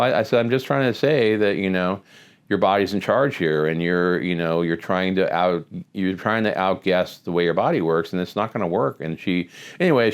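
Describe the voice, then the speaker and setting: A man's voice: low-pitched, clear, resonant tone. A middle-aged man, a physician host, telling a patient story in a conversational way with many restarts. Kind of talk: casual talk to camera.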